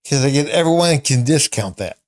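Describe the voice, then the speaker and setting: A man's voice: mid-range voice, animated, brisk, darkish tone. A man giving casual commentary on clips, repeating and restating his points emphatically. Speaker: online commentator.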